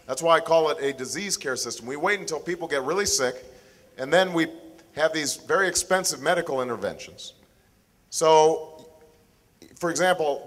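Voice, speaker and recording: Man, forties, town hall speech, slightly high voice, measured pauses, reverberant hall. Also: fairly bright tone. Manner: measured, deliberate with pauses and restarts. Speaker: political candidate.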